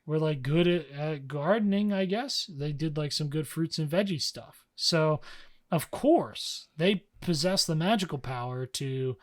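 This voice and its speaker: Speaking in a fairly high pitch, this young man co-hosts a podcast, retelling a story loosely and slangily while briefly impersonating the characters.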